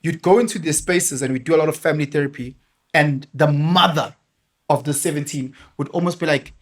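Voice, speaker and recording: South african guy on a podcast, fairly high voice, chatty, throws in zulu words. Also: brisk. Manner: animated storyteller, mixes in Zulu phrases. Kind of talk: casual podcast chat. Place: podcast studio.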